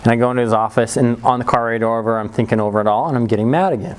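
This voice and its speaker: A man's voice: very fast, clean tone, low-quality recording. A middle-aged man telling a personal story to an audience, acting out the voices with big leaps and laughing often. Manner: animated, acts out quoted voices with big pitch jumps. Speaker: speaker. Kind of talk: storytelling talk.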